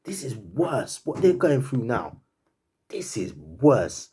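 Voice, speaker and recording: A man's voice: medium pitch, big pitch swings, takes it slowly, dark tone. A man giving a fan's reaction to a football match, laughing and disbelieving, repeating himself in slangy chat. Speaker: football fan commentator. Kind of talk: animated fan reaction rant.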